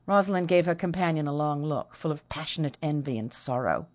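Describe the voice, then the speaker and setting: A woman's voice: low voice, expressive, a little fast, hardly any pauses, a little mellow. A woman narrating a period story as an audiobook, reading expressively. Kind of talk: scripted narration.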